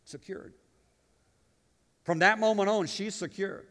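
Impassioned preacher in a reverberant church. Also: male voice, medium pitch, moderate pace. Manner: impassioned, swings between loud declarations and quiet asides. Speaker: pastor. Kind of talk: sermon. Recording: long reverb of a church sanctuary.

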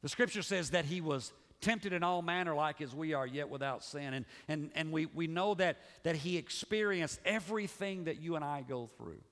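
A male pastor preaching a sermon, swinging between raised, emphatic passages and hushed, low ones. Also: moderate pace, few pauses. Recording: long reverb of a large hall.

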